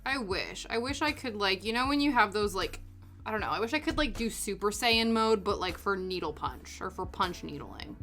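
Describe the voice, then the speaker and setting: A young woman talks casually while she works on a craft, her pitch rising and falling with lively animation. She mocks herself and laughs easily. Soft music plays faintly behind her voice. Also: moderate pace. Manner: chatty, self-deprecating, laughs often. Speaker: craft streamer. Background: soft background music.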